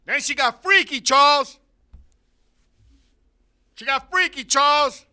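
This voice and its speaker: A man hosting a talk show in a studio, telling a comedic story with loud bursts and laughing asides. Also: extremely high pitch, slow. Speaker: podcast host.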